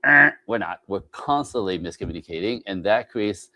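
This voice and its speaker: A man's voice: fairly low pitch, animated, normal speed, sharp tone, dry recording, dull audio. A man speaking as a relationship coach in an interview, emphatic, constantly checking in with "right?" and acting out other people's voices. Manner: emphatic, repeats "right?", slips into mimicking voices. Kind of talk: animated interview talk.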